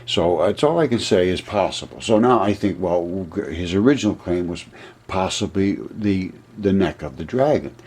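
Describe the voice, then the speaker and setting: Husky low-voiced man rambling excitedly. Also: normal speed. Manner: rambling, excitable, laughs at own ideas. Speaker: video presenter. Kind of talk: casual explanatory monologue over a map.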